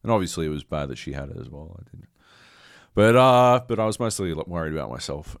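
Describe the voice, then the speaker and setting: A man's voice: low-pitched, animated, quick pace, creaky, no room sound, clean studio sound. A man co-hosting a podcast, telling a rambling, profane story with dramatic quoted asides, still carrying a slight cough. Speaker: podcast co-host. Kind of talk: casual chat.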